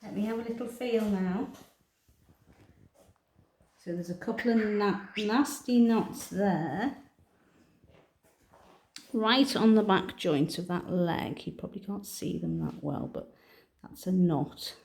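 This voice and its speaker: Slow-spoken woman groomer. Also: mid-range voice, vocal fry, slight background noise. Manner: soothing baby talk to the cat, calm explaining to viewers. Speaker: cat groomer. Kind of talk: narrated grooming demonstration. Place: indoor grooming room. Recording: roomy room with electric clipper buzz.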